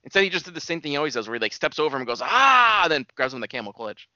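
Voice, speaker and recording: A man hosting a casual wrestling chat, rambling in a relaxed way with lots of fillers. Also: medium pitch, very fast, dry recording. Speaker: podcast host. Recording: dull lo-fi dry sound.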